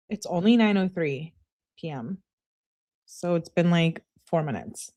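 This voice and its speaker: A woman's voice: on the low side, lively intonation, measured pace, long pauses, warm tone. A woman hosting a live reading, with exasperated, sarcastic comments between passages. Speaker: channel host.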